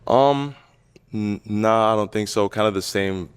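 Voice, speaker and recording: A man's voice: lowish voice, measured pace, clear, resonant tone. A young man answering dating show questions politely, hesitant, with many ums and likes. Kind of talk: casual interview answers.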